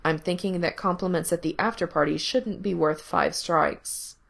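A woman voicing a teasing, possessive young man in control, speaking low and murmuring close to the ear. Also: steady tone, moderate pace, gravelly, fairly bright tone. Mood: teasing, commanding.

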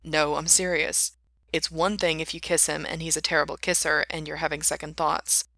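A calm, matter-of-fact young man with a dry, teasing patience, as a woman reading aloud plays him. The low voice stays bright. The recording is dry and close. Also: normal speed, no room sound.

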